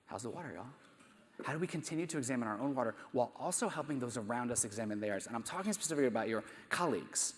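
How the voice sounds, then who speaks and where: A man's voice: medium pitch, lively intonation, very fast. A man, a math teacher, giving a conversational conference talk full of rhetorical questions and self-deprecating asides. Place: conference hall. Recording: echoey hall.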